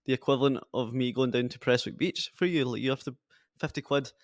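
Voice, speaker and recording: A Scottish man hosting an interview, asking relaxed questions and laughing along with his guest. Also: medium pitch, fast, no echo, clean studio sound. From Scotland. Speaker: podcast host. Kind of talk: casual interview chat.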